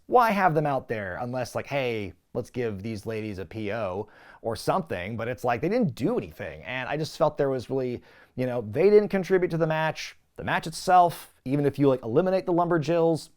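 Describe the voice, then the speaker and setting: A man hosting a wrestling review show, recapping matches with sarcastic commentary and exaggerated quoted voices. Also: fairly high pitch. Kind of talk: recap commentary with comic asides.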